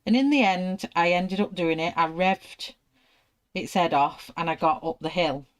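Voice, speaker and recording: Chatty British woman, lowish voice. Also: a little slow. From United Kingdom. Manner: chatty, animated anecdotes, acts out her own panicked voice. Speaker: art channel host. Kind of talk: casual storytelling while colouring.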